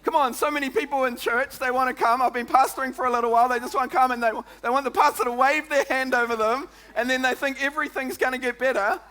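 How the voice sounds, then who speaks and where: A pastor from New Zealand rattles through his sermon at a quick pace with few pauses, his very high voice bright and forceful. He's lively and conversational with the congregation, saying "come on" and "eh?" as he goes.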